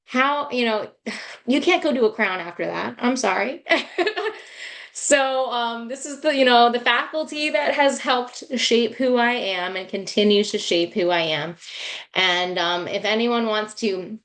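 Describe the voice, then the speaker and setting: A woman's voice: on the high side, measured pace, a bit bright. A woman dentist giving a heartfelt webinar talk over a video call, running her sentences on with restarts and getting emotional. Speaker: dentist and guest speaker.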